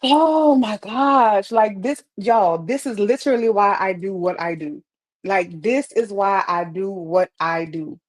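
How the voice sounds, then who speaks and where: Her pitch is medium and her pace measured as she answers comments on a live stream. The woman uses a wireless earpiece, encourages viewers in an upbeat way, and often repeats phrases for emphasis during this motivational chat.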